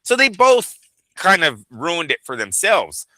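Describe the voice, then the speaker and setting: A man's voice: high voice, big pitch swings, measured pace, pushed and bright, dry recording, poor audio. A man co-hosting a boxing podcast, giving blunt, profane opinions in casual chat.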